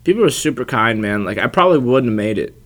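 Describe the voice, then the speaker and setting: A young man in his twenties rattles through a travel story at a quick clip. His delivery is loose and rambling, packed with fillers and casual swearing. His pitch sits in a middling range. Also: expressive, a bit bright. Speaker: podcast guest telling a travel story.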